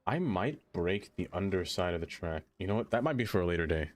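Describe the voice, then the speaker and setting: A man with a fairly low voice chats his way through a live game stream, talking to the game and answering his chat. He is quick to break into dismayed exclamations, and soft music plays behind him. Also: animated. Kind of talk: casual live-stream chatter while playing.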